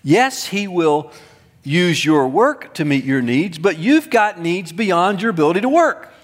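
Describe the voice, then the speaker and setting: A man's voice: very animated, a little slow. Emphatic male preacher in a reverberant hall. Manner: emphatic, with swings between loud high stresses and soft low asides. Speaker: pastor. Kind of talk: sermon.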